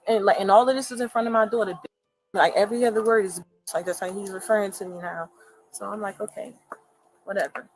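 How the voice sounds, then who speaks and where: A woman giving a halting, rambling firsthand account to police indoors at a home, full of fillers. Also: medium pitch, steady tone, soft background music, low-quality recording. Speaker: interviewee recounting to police.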